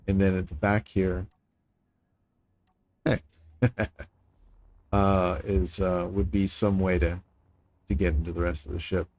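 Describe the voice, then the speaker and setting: A man's voice: deep voice, a little mellow. A man streaming a building game, thinking aloud as he works and sizing up his own designs. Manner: thinking aloud, musing and self-critical; talks to chat viewers in passing. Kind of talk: casual live-stream commentary while building.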